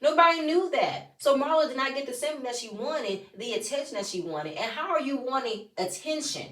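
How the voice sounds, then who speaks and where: A woman's voice: high-pitched, animated, a little fast. A woman giving a casual recap of a reality TV episode, blunt and profane with sassy asides. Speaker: reality TV reviewer. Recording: roomy, voice from a distance.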